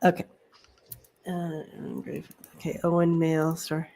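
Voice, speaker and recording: A woman's voice: deep voice, completely flat delivery, moderate pace, warm tone. A middle-aged woman co-hosting a casual live stream, chatty, laughing often and repeating her words. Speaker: psychic reader, co-host.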